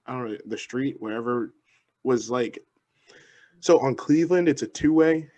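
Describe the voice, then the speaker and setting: A young man chats with friends on a podcast, laughing his way through his stories. His voice sits at an everyday middle pitch. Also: dark tone. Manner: laughing storyteller, quick asides. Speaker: podcast co-host. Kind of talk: casual chat.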